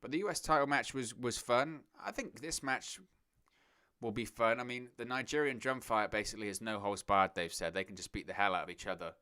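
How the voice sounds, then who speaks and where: A man's voice: fairly low pitch, brisk, pushed and bright, smooth. A man hosting a live watch-along stream, chatting casually, thinking aloud and talking to his viewers. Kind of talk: live watch-along commentary, reading chat.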